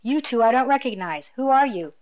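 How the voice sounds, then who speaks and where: A woman voicing a cold, menacing male imperial officer who speaks in a quiet, clipped, mocking tone, in a slightly dull lo-fi recording. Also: on the high side, expressive, brisk, voice pushed up, close to an everyday voice.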